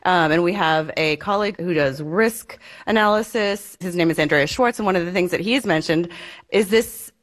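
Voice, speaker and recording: A woman researcher explaining her work in an interview, quick and fluent with occasional fillers. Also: fairly low pitch. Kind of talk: conversational interview answer.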